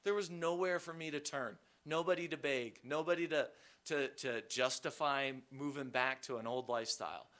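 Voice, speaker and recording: A man's voice: medium pitch, moderate pace, a bit bright. A man giving a personal recovery testimony at a meeting, candid and self-deprecating, rambling loosely with many fillers.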